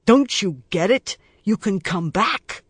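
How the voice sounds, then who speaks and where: A man voicing a rough, hot-tempered middle-aged male cop who talks bluntly and coarsely. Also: sits high, lively intonation, takes it slowly, no room sound, voice pushed up, heavily acted. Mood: pleading.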